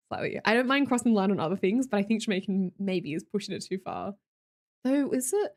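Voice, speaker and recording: Lively young Australian woman streamer. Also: fairly high pitch. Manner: chatty, jokey, reads viewer comments aloud. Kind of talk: casual chat with live viewers.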